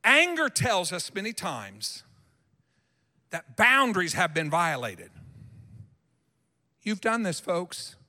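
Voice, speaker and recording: A male pastor preaching a sermon in a church sanctuary, animated and emphatic, acting out what people say. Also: high-pitched, takes it slowly, pauses often, big-room sound.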